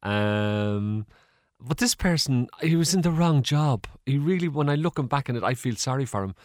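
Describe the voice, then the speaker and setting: A man's voice: mid-range voice, animated, normal speed, a little mellow, no echo, studio quality. An Irish man, a guest in an interview, telling stories in a chatty, rambling way with fillers and laughs. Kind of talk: casual storytelling interview.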